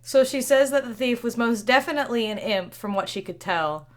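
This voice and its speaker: A woman's voice: fairly high pitch, lively intonation, a little fast, slight background noise. A woman narrating a tabletop roleplay as game master, rambling and correcting herself as she goes. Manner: rambling, self-correcting, giggly.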